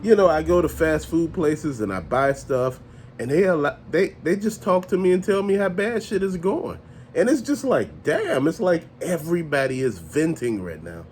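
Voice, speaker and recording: A man hosting a casual vlog, ranting in an animated, profane, conversational way and often laughing as he talks. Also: fairly high pitch, moderate pace, a little hiss or hum. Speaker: toy channel host.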